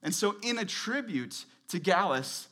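Bright, high-voiced man preaching casually. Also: a little slow. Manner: relaxed, chatty, with frequent fillers and light humor. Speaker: guest pastor. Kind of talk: conversational sermon. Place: church service.

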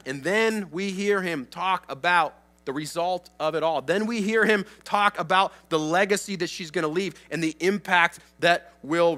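Bright, high-voiced man preaching a sermon. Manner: conversational, emphatic, asks the crowd "right?" and "okay?". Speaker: pastor.

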